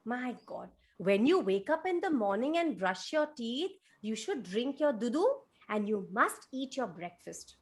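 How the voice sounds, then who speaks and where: A woman telling a story to toddlers over a video call, animated and sing-song. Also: fairly high pitch, unhurried, few pauses. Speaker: children's storyteller.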